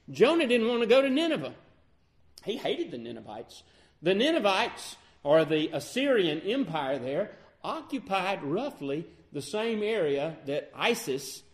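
A man preaching a sermon, acting out the pleas of Bible figures as he goes. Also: fairly high pitch. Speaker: pastor.

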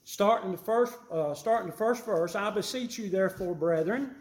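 A man preaching a sermon, emphatic and repeating his key phrases, rising louder on his main points. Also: sits high, normal speed, echoey room.

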